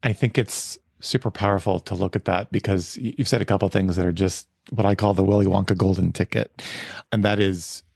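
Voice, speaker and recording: A man's voice: low voice, fairly even intonation, brisk, gravelly, few pauses, darkish tone, slightly rough, no echo, clean studio sound. A man hosting an interview podcast, attentive and affirming, with playful asides. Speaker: podcast host.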